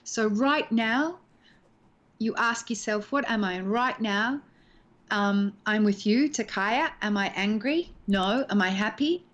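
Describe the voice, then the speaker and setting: The audio is dull, but the woman's medium-pitched voice has a fairly bright tone and a slow pace. An actress in her sixties, she's a guest on a video call from home, animatedly discussing acting and acting out lines as she explains.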